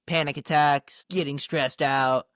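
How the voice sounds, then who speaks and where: Lively, laughing male podcast co-host. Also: on the high side, a little slow, clear, resonant tone, no room sound, clean studio sound. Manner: animated storyteller who acts out quoted dialogue and laughs often. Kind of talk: casual conversation.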